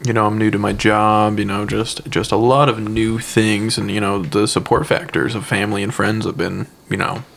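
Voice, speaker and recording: A man's voice: fairly low pitch, little pitch movement, normal speed, gravelly, hardly any pauses, fairly bright tone, a little hiss or hum. A young man co-hosting a casual podcast, laid-back and reflective as he chats over drinks. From United States. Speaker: podcast co-host.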